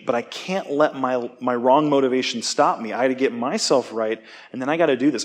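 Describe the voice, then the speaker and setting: Man preaching a casual, chatty sermon. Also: medium pitch. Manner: casual, self-deprecating, asks "okay?" often. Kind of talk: conversational sermon.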